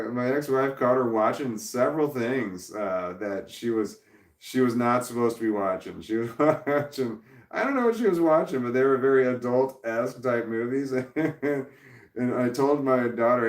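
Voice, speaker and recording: A vlogger with a medium-pitched voice tells a long personal story to camera, unhurried, rambling, and profane, often restarting and chuckling. He's recorded from a distance and off-mic, with a roomy echo.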